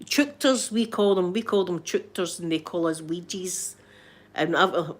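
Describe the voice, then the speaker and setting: A woman's voice: fairly low pitch, moderate pace. Chatty Scottish woman with a heavy accent. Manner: chatty, laughs often, mimics voices. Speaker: ASMR livestream host. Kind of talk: casual live chat.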